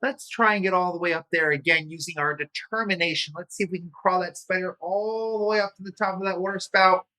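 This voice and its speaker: A man's voice: high voice, a little fast, hardly any pauses, pushed and bright. A man leading a children's yoga storytime, playful and encouraging, with little sound effects along the way. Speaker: kids' yoga instructor.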